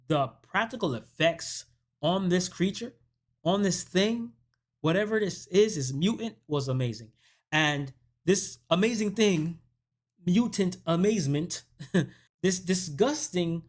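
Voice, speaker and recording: Man, film reviewer, casual recap, animated storytelling, slightly high voice. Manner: animated storytelling that acts out quoted dialogue. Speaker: movie review channel host.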